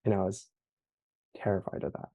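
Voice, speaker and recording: A young man giving halting, emotional personal testimony as an interview guest, full of fillers. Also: warm tone, no room sound.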